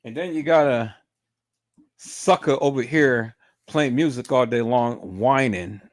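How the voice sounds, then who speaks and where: Swearing a lot on a live stream, a man stumbles over repeated words and restarts once he's worked up. He speaks unhurriedly at medium pitch, captured in clean studio sound without echo.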